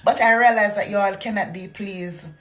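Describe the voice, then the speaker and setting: A woman's voice: medium pitch, normal speed, a bit bright. A woman from Jamaica with a Jamaican accent, delivering a fiery political rant full of rhetorical questions. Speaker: political commentator.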